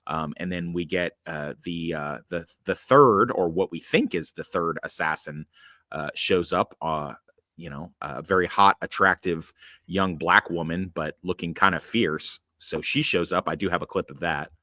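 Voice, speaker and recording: A man with a low voice and a bright, sharp tone hosts a casual podcast chat. He rambles through his points with many hesitations and fillers, swears freely, and drops sarcastic asides along the way. The sound is close and dry. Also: normal speed, no echo. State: occasional coughing from allergies. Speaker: podcast host.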